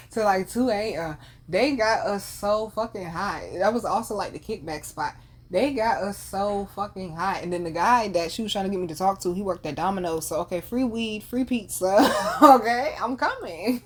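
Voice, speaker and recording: A podcast host in her thirties tells a family story in casual slang, swearing and laughing all the way through. Her voice sits at a middle pitch, and her delivery is animated and unguarded. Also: breathy edge.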